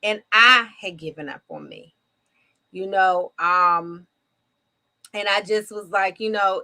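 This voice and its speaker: In her fifties, this woman co-hosts a faith-based talk show, sharing her testimony warmly and encouraging listeners in a somewhat preachy way. Her voice is medium in pitch with big swings, and she speaks slowly with frequent pauses.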